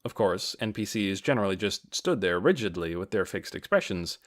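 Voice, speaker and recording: A man narrating a fantasy novel as an audiobook with expressive storytelling. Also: low voice, brisk. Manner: expressive storytelling, varied intonation.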